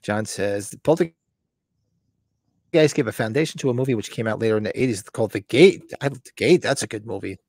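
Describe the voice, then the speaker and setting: A man's voice: fairly low pitch, brisk, no room sound. Dry-sounding middle-aged man telling stories. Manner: animated storytelling, acts out voices in anecdotes. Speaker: host. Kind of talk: casual chat.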